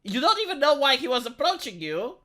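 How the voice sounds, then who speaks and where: A woman's voice: sits high, brisk. A woman from Romania giving dry, mocking reaction commentary on a viral video. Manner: dry, mocking, deadpan asides. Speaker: commentary YouTuber.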